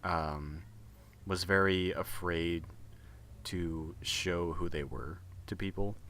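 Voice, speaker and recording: A man's voice: sits low, slow, a bit bright. A man in his early twenties co-hosting a podcast, rambling in casual chat with many hesitations and fillers. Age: early 20s. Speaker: podcast co-host.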